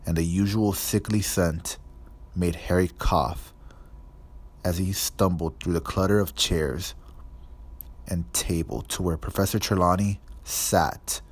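A man reading a storybook aloud in steady, measured scripted narration. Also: low-pitched, husky. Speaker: audiobook narrator.

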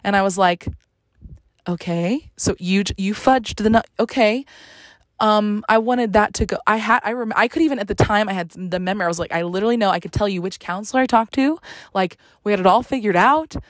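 A woman's voice: medium pitch, a little fast, dry recording. A young woman telling a story in a casual, sarcastic, exasperated rant.

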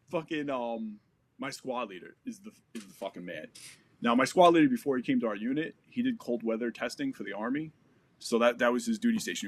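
Guy telling a war story, swears a lot, really animated, average pitch. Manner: animated, profane, acts out quotes. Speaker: military veteran. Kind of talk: casual storytelling.

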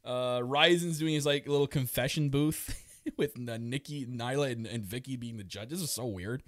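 A man talks through the week's wrestling in loose, animated podcast chat. He laughs constantly and acts out what the wrestlers said. His voice sits at a middling pitch and is recorded close and dry. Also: normal speed, dry recording. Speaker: podcast co-host. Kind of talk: casual wrestling recap chat.

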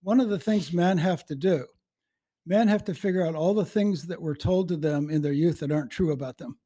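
A man in his seventies chatting as an interview guest, rambling warmly through anecdotes with frequent restarts and chuckles. His voice is somewhat high-pitched yet soft and mellow in tone. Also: fairly quick. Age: 70s. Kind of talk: casual interview with storytelling.

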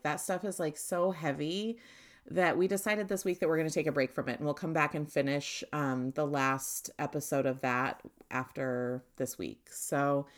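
A woman co-hosting a podcast in casual chat, her voice raspy and hoarse from smoking, animated and laughing often. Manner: animated, laughs often, acts out quotes in a high voice. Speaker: podcast co-host.

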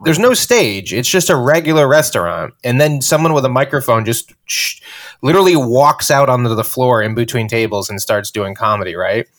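A man, a stand-up comedian, telling stories in casual chat with animated quotes. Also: mid-range voice, moderate pace. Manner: animated storytelling, loud acted quotes.

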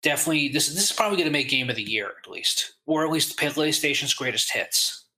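A man's voice: on the high side, lively intonation, fast, bright, forceful tone, low-quality recording. A man reviewing a video game as a podcast guest, explaining eagerly.

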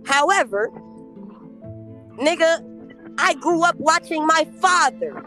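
A woman's voice: high voice, expressive, slow, pushed and bright, soft background music. A woman on a podcast, ranting in a brash, profane, confrontational way. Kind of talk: heated casual podcast talk.

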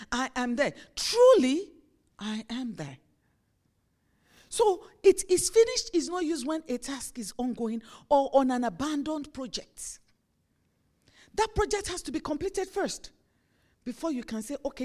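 A woman pastor with a somewhat high voice preaches in a relaxed, chatty way. She slips into short acted-out lines to show everyday examples to the congregation. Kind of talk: sermon.

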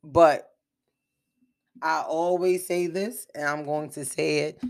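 Fired-up speaker ranting solo, hammering points w/ rhetorical questions, mid pitch. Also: fairly even intonation, a little slow. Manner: emphatic, fires off rhetorical questions and repeats them. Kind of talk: impassioned opinion monologue.

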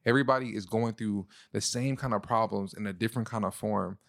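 A young man co-hosting a casual couple podcast, slangy and animated, full of "bro" and "you know what I'm saying". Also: fairly low pitch, quick pace, vocal fry, dry recording, studio quality. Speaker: podcast co-host.

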